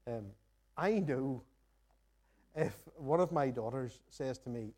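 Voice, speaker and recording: A man's voice: mid-range voice, expressive, slow pace, a little mellow. A man preaching a sermon in church, earnest and reflective, reading scripture and posing questions to the congregation. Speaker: pastor. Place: church sanctuary.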